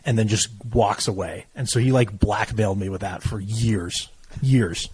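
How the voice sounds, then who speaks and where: Young male podcast co-host, low husky voice, swears freely, animated storyteller. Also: moderate pace, rough recording. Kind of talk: casual chat.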